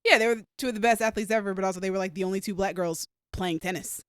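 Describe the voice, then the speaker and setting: A mid-pitched co-host speaks quickly and chimes in with easy agreement during a casual movie chat. The sound is dry and close. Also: clear, resonant tone, dry recording. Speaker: podcast co-host.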